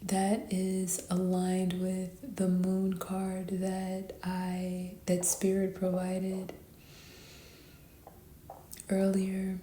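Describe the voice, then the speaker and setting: A tired woman giving a spiritual tarot reading, talking sleepily and softly, often half whispering. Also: medium pitch, monotone, reverberant, a little hiss or hum. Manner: sleepy, slow and soft-spoken, often whispering. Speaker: tarot reader.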